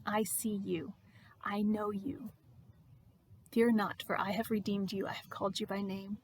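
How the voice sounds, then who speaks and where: A woman voicing Jesus as a gentle, tender man speaking in a hushed, intimate way during a devotional reading. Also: mid-range voice, level tone, a little fast, a little hiss or hum, natural voice.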